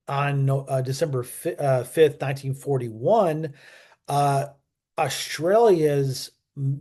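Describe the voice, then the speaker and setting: A man's voice: on the high side, a little mellow. A man hosting a history channel, talking casually and off the cuff, with lots of fillers, restarts and self-corrections. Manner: chatty, asks viewers to subscribe. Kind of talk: casual unscripted history talk.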